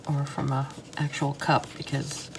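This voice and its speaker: A woman's voice: extremely low pitch, level tone, measured pace, gravelly, noisy background. A woman vlogging about art supplies while she draws, chatting casually in a rambling, hesitant, self-deprecating way. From United States. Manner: talks while drawing and coloring. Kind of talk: casual chat while drawing.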